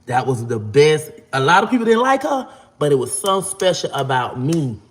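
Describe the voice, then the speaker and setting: A man's voice: a little high, big pitch swings, a little fast. A man, casually telling a long, profane story. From Florida. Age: 40s. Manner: profane, rambling, acts out quotes in a raised voice. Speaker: vlogger.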